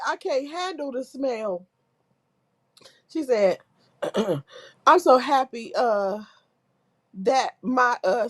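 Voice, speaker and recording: A woman with a very high voice hosts a casual livestream. She reads viewers' comments aloud at a slow, drawn-out pace. She keeps breaking into helpless, tearful laughter as she goes. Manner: laughing helplessly through nearly every line. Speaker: livestream host reading chat.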